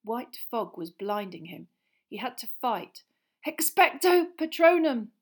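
A woman reads a fantasy novel aloud at a middle pitch. Her narration is tense and expressive, and it builds suspense line by line. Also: measured pace, husky. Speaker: audiobook reader. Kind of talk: dramatic storybook narration.

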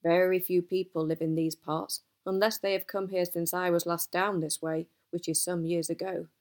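A woman voicing an old male wizard who is gruff and easily cross, talking emphatically in a storybook reading. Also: fairly low pitch, darkish tone, lightly acted. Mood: grave. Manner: emphatic, exasperated outbursts.

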